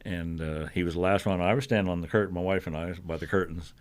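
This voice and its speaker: Speaking quickly in a low, smooth voice, an older man from Fredericton, New Brunswick, in Canada, tells stories as a guest singer-songwriter on a TV talk show. He chuckles a lot and performs the voices of the people he quotes, keeping it casual and lively.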